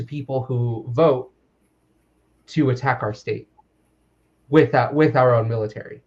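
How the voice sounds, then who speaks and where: A man's voice: mid-range voice, unhurried, long pauses, darkish tone. A man speaking as a podcast host, earnest and reflective, thinking aloud as he talks. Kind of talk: reflective conversational talk. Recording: dull, lo-fi sound.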